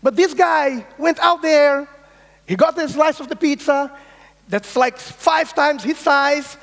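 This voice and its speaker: High-voiced man keynoting in a reverberant hall. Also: takes it slowly, gravelly. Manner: energetic, insistent, swears, acts out quoted voices. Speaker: keynote speaker. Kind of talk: conference keynote talk. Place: large conference hall.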